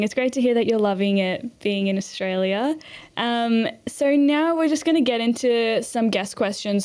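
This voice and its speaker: A woman's voice: a little high, darkish tone. Upbeat woman hosting a podcast. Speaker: podcast host. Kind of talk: scripted intro then casual interview.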